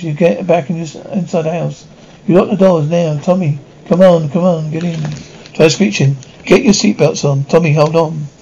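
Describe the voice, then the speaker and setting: A man reading dialogue and sound cues of a TV episode aloud in an even, unhurried way, on a slightly muffled lo-fi recording. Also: a little high, creaky. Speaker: narrator reading an audio description of a TV episode.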